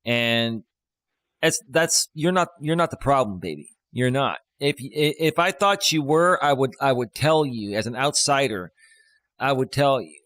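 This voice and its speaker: Male life coach, mid pitch, dry close sound, casual reassuring live stream host. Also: animated, a little slow, fairly bright tone, no room sound. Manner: reassuring, explains step by step.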